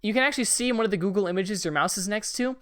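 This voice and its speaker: A young man hosting a casual podcast, telling a childhood story with animated, profane energy and laughter. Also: high-pitched, very fast, clean tone. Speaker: podcast host.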